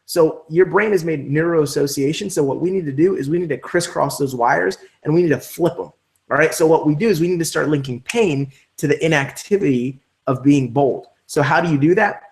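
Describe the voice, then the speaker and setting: An energetic male trainer hosting a live online session, driving his points home with emphatic coaching. His voice sits a little higher than most men's. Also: brisk, vocal fry. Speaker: network marketing trainer.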